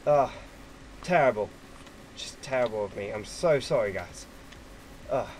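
A man giving casual gameplay commentary at his computer, excitable and quick to swear at opponents. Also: fairly low pitch, slight background noise, rough recording. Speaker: gaming YouTuber.

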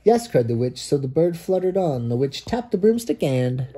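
A man, a dad, reading a rhyming picture book aloud to his child and pausing so the child can fill in the rhymes. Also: fairly high pitch, big pitch swings, dark tone, husky. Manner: reads rhymes with pauses for a child to finish them. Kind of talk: bedtime story read-aloud.

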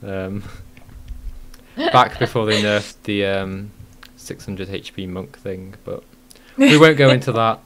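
A woman co-hosting a casual gaming podcast, who laughs often and speaks in quick asides. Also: rumbling low, fairly bright tone. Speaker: podcast co-host.

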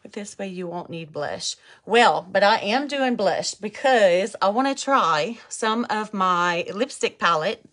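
A makeup vlogger from Louisiana chats through a live tutorial in a thick Cajun accent, talking to viewers and reading out comments. Her mid-range voice is fairly bright, with lively intonation, a measured pace, and hardly any pauses.

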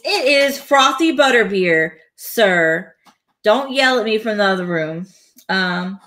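A woman's voice: on the high side, lively intonation, takes it slowly, fairly bright tone. A woman chatting playfully on a live stream from home, laughing between remarks as she builds a toy set. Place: home, indoors.

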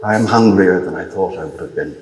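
A man reading his own literary story aloud in a measured, dry manner. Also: low voice, reverberant, rough recording. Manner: measured, dry storytelling with brief lifts for quoted dialogue.

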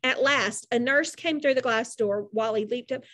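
A woman narrating a storybook aloud with expressive, animated delivery. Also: on the high side, moderate pace.

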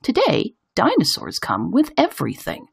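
A woman's voice: fairly high pitch, wildly swooping pitch, moderate pace, vocal fry, husky, voice pushed up, heavily acted. A woman doing a cheerful, playful nurse.

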